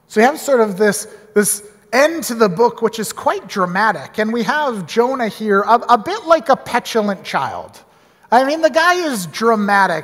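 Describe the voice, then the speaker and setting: High-voiced man teaching the Bible. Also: moderate pace, big-room sound. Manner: animated, conversational, with small restarts.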